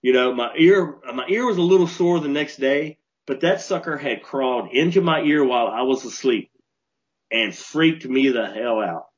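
A man co-hosting a podcast, telling a story in an animated way and restarting his sentences as he gets worked up. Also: medium pitch, moderate pace. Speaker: podcast co-host. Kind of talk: casual storytelling chat. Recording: dull lo-fi podcast audio.

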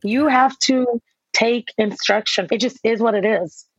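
A woman author being interviewed about raising kids, telling lively stories and acting out the voices of herself and her children. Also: on the high side, a little slow, breathy edge, no room sound. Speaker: author and guest. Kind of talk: conversational interview. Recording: dull, dry sound.

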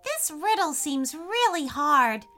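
Woman doing a gentle, squeaky little fairy. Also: very animated, slow, faint music behind, full character voice. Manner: gentle, instructive. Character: small, gentle, wise girl fairy.

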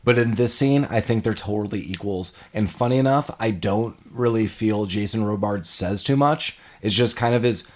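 A man's voice: fairly low pitch, normal speed, hardly any pauses. A man and parent, casually chatting about a film as co-host, laughing often and loosely paraphrasing scenes. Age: adult parent. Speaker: podcast co-host.

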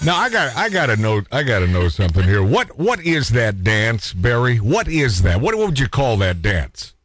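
A man's voice: medium pitch, very animated, moderate pace, a bit bright, faint music behind. A man hosting a talk radio show, rambling and emotional, often repeating himself as he chats with guests. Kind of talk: casual talk radio chat.

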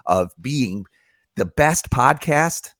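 A man's voice: mid-range voice, expressive, slow, a bit bright, dry recording, clean studio sound. A man hosting a casual podcast, reading an ad and chatting energetically with his co-hosts. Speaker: podcast host. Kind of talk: casual podcast chat and read ad.

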